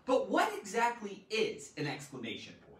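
A woman teaching a live online grammar lesson, animated and theatrical, with loud exclamations. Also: medium pitch, normal speed, roomy sound, distant mic, poor audio.

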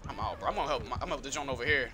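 A man giving excitable gameplay commentary, yelling and complaining in slangy talk. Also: medium pitch, rapid-fire. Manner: slangy, frequent "bro". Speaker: gamer.

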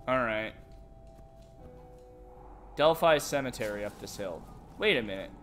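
A man's voice: medium pitch, expressive, measured pace, fairly bright tone, soft background music. A man giving casual, playful commentary while streaming a game. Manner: playful, chatty. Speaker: let's play streamer.

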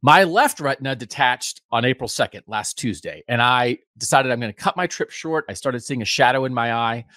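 A man's voice: mid-range voice, expressive, brisk, few pauses, sharp tone, no room sound, studio quality. A man in his fifties, a podcast host giving a casual, rambling, self-deprecating update from home. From United States. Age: 50s.

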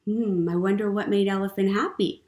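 A woman leading a storytime for young children as a librarian, gentle and encouraging, often asking the kids questions. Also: mid-range voice, steady tone, normal speed, a little hiss or hum. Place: public library program room. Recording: roomy room echo.

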